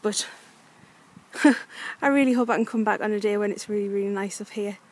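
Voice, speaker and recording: A brisk, steady, medium-pitched voice belongs to a young North East English woman vlogging on a coastal walk with her dog. She talks casually to her camera, frustrated and full of fillers.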